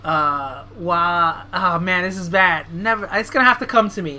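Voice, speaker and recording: A woman's voice: fairly low pitch, normal speed, few pauses, bright, forceful tone, slight background noise. A woman from Brooklyn streaming a wrestling game, chatting casually and joking about her own bad accents as she reads the game text aloud. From Brooklyn, New York. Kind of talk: casual stream commentary while reading game dialogue.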